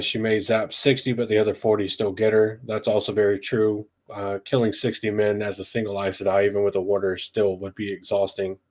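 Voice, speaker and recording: Lots of ums and restarts fill this casual livestream podcast chat, as the host, a young man from the southeastern United States, thinks out loud. He has a lowish, somewhat mellow voice.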